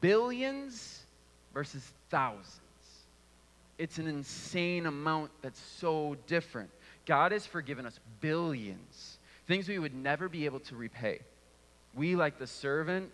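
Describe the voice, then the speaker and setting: A man's voice: a little high, a bit bright, in a large hall. A man giving a conversational sermon and sometimes restarting his words. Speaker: preacher.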